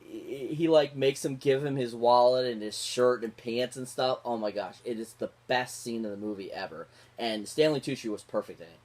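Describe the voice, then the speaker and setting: A man's voice: medium pitch, normal speed, few pauses, darkish tone. A man giving a casual, rambling film review, gushing about the actors with constant fillers and restarts. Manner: gushing, repeats favourite words. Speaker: movie reviewer.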